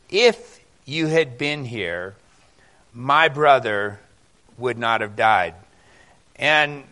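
Slow, bright-voiced male preacher. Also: mid-range voice. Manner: conversational preaching, animated Scripture reading. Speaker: pastor. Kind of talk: sermon.

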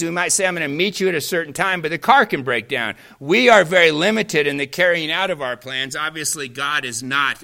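A man's voice: a little high, bright, forceful tone. A man teaching a Bible study class in a folksy way, drifting into anecdotes.

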